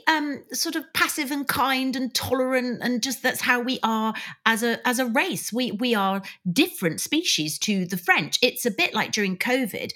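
A middle-aged British woman co-hosts a casual podcast chat with a bright, animated voice that carries a slight huskiness. She talks chattily, laughs often and slips into mimicry of overly polite Brits. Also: a little high. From Britain. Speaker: podcast co-host.

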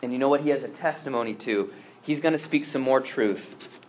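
A priest preaching a sermon, earnest and emphatic, repeating words as he restarts and swinging from strong stresses to hushed asides. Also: mid-range voice, a little fast, a little hiss or hum.

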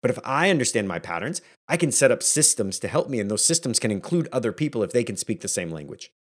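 A man's voice: mid-range voice, fast, slightly rough. A man hosting a solo podcast, speaking energetically and conversationally as a leadership coach. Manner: energetic and conversational, acting out quoted family moments.

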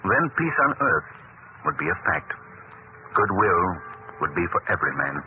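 Lamont Cranston, calm and earnest. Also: male voice, low voice, very noisy. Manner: measured, earnest. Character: calm gentlemanly male hero, kindly and reflective. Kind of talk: 1930s radio drama acting. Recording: tinny 1930s radio broadcast.

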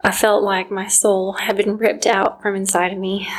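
A woman's voice: mid-range voice, little pitch movement, moderate pace, hardly any pauses, low-quality recording. Earnest woman telling her story. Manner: earnest, emotional, quiet moments near a whisper. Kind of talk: personal testimony.

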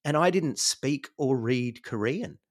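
A middle-aged Australian man, guesting on a podcast, tells his life story conversationally, reflective and rambling and full of "you know"s. His medium-pitched voice is expressive and slow.

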